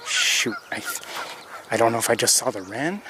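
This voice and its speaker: A man narrates a live birding walk in a mid-pitched, everyday voice, thinking aloud and often stopping to restart his sentences. He is outdoors on nature trails, with birdsong and faint outdoor noise behind him. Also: animated, moderate pace. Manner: thinking aloud, hesitant restarts, chuckling at geese. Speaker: birding tour host. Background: birdsong and outdoor ambience.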